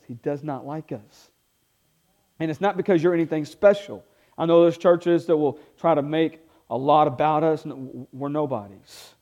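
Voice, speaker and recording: A male pastor preaching with rising energy, calling on the congregation to answer back. His voice sits a little high, and he drops quieter when he tells a story. The church recording sounds slightly dull. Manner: energetic preaching with call-and-response; drops to hushed tones when telling a story. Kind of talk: sermon.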